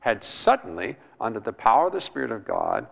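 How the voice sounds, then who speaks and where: A man's voice: fairly low pitch, huge pitch swings, a little fast, gravelly, fairly bright tone. A man preaching a sermon in an emphatic way, repeating words and asking his listeners questions. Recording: long hall reverb.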